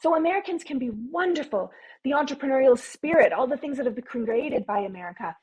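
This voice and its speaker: A woman's voice: high voice, lively intonation, brisk, darkish tone, breathy edge, rough recording. A woman, a podcast guest making emphatic, opinionated points in casual interview talk. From Canada. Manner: emphatic, opinionated, builds points in long runs.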